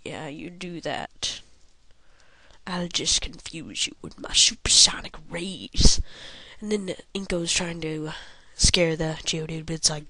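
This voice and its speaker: Goofy slow-talking young woman gamer. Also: low voice, bright, forceful tone, dry recording. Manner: goofy, rambling, jokey, often murmurs under breath. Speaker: game commentator. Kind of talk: casual let's-play commentary.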